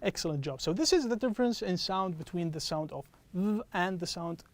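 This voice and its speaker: A man teaching an English pronunciation lesson, patiently checking in with "okay?" and slowing down to model each example phrase. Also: high-pitched, lively intonation. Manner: patient, repeats "okay?" after each point.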